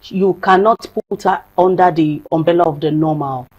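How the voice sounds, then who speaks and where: A woman's voice: on the low side, steady tone, moderate pace, darkish tone, lo-fi sound. A woman, a psychologist and marriage counselor speaking as a guest on a studio talk show, earnest and emphatic, repeating phrases for stress.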